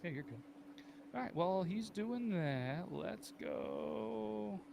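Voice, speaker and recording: A man hosting a casual podcast, chatting in a relaxed, laid-back way with his co-hosts. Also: high-pitched, slow, vocal fry, background noise. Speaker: podcast host.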